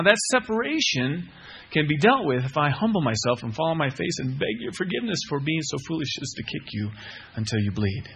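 A man's voice: fairly high pitch, fairly bright tone, slightly rough. A middle-aged man preaching a sermon, earnest, repeating key phrases and putting questions to the listeners. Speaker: pastor.

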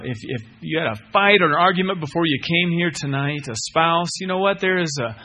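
A man's voice: on the high side, bright, forceful tone. A middle-aged man preaching a sermon, earnest, repeating key phrases and putting questions to the listeners. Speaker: pastor.

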